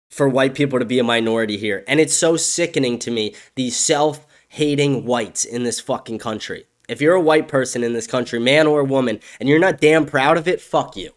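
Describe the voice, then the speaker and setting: A young man hosting a solo podcast, ranting angrily and profanely, his voice swinging from raised outbursts to low muttering. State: agitated. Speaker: podcast host. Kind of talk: solo opinion rant.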